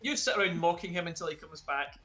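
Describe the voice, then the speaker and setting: A man's voice: fairly high pitch, quick pace, sharp tone, soft background music. A man running a tabletop game as game master, narrating in a loose, rambling way.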